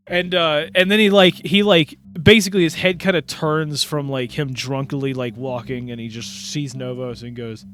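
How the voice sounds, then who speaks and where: A man narrating a tabletop role-playing game as game master, casual and animated, often laughing. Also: medium pitch, normal speed, few pauses, clear, resonant tone.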